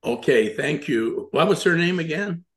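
A man hosting an on-air interview, halting and full of praise and encouragement. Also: on the high side, lively intonation, roomy sound. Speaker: radio show host.

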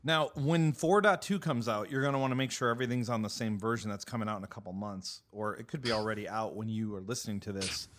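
A man co-hosting a casual tech podcast, joking and making playful asides, sometimes trailing off quietly. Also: fairly low pitch, quick pace, hardly any pauses, slight background noise. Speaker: podcast co-host.

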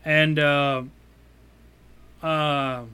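A man narrating as game master for a tabletop game, relaxed, with many fillers. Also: a little high, drawn-out words, clear, resonant tone.

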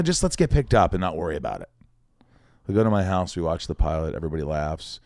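A man tells a story as a podcast guest, his low voice leaping up and down as he acts out everyone in it. He swears freely. The sound is dry and close, with no room in it. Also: big pitch swings, fast talker, gravelly, darkish tone, no room sound. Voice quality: swears casually, leaps into other people's voices. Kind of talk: animated storytelling with acted-out quotes.

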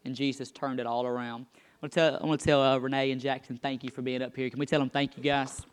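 A man's voice: mid-range voice, level tone, fast talker, big-room sound. A man preaching as pastor, emphatic and repeating his key phrases. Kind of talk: sermon.

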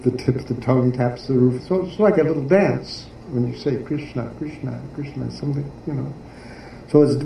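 A man giving a devotional class who explains a poem haltingly, often pausing and searching for words. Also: mid-range voice, warm tone. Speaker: spiritual teacher. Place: devotional garden venue in Philadelphia. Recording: echoey room, distant mic, faint noise.

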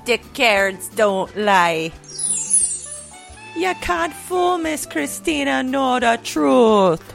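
Scammy female psychic, put-on Jamaican accent, unhurried sales patter, voiced by a woman. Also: high-pitched, expressive, vocal fry, faint music behind, voice pushed up, heavily acted. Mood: smug. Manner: salesy, brash, self-assured. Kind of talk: comedy sketch parody ad.

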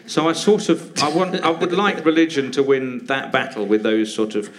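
A man's voice: mid-range voice, fairly even intonation, normal speed, fairly bright tone. A comedian guest on a live podcast, a man who talks in a hesitant, rambling way with many fillers and a wry, sardonic edge.

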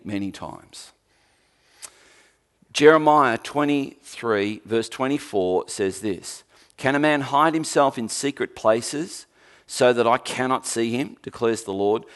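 A man preaching a sermon, emphatic with dry humour, swinging from forceful peaks to quiet, low passages. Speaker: pastor.

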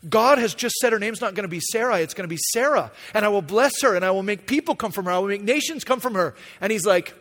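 A man preaching a sermon, animated, acting out paraphrased dialogue in a casual voice. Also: high-pitched, fast talker, hardly any pauses, big-room sound. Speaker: pastor.

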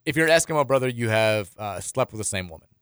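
A man's voice: mid-range voice, lively intonation, quick pace, fairly bright tone, clear, resonant tone, no room sound, clean studio sound. Rambling male sports radio host. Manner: loose and rambling, with frequent restarts and chuckles. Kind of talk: casual sports radio talk, reading listener texts. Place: radio studio.

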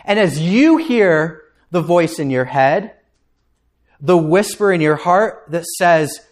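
A male pastor delivering a sermon in a fairly high voice. He speaks slowly and deliberately. His pitch swings widely, rising to impassioned peaks before sinking to a hushed close. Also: animated. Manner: impassioned, climbing to emphatic peaks, then dropping low and quiet.

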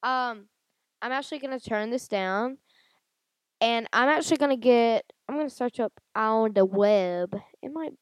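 Slow-talking chatty young woman. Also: fairly high pitch, clean tone, no echo. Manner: rambling, chatty, many fillers. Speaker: podcast host. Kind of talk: casual solo podcast chat. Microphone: handheld audio recorder.

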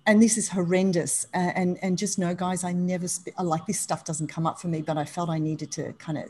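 A woman speaking as a guest on a podcast, telling candid stories in an animated, emphatic way. She laughs easily and moves between hushed asides and loud bursts. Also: fairly low pitch, a little fast, slight background noise, rough recording. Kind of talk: candid conversational storytelling.

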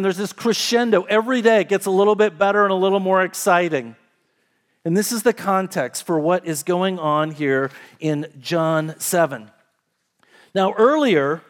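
High-voiced man preaching a sermon. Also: moderate pace. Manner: storytelling, conversational, rising and falling emphasis. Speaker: pastor.

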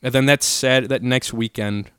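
A man's voice: mid-range voice, fairly even intonation, moderate pace, fairly bright tone, clean tone, no room sound, studio quality. A man in his twenties telling rambling, profane stories in casual conversation as a podcast host. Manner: loose, profane, rambling storyteller. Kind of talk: casual storytelling chat.

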